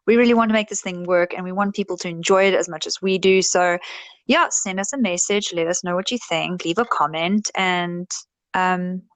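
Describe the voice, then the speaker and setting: A woman's voice: mid-range voice, no echo. A woman co-hosting a podcast in casual chat, blunt and joking. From South Africa. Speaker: podcast co-host.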